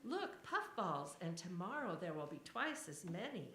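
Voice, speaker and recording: A woman's voice: on the low side, big pitch swings, measured pace, fairly bright tone, a little hiss or hum. A woman voicing Stickler, a curious eight-eyed forest creature who marvels at everything, in a roomy hall echo. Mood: marveling. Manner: marveling, playful, lingering on words.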